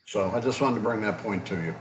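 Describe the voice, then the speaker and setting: A man speaking as a town highway superintendent at a public meeting, plainspoken and earnest, with frequent fillers. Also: fast, lo-fi sound.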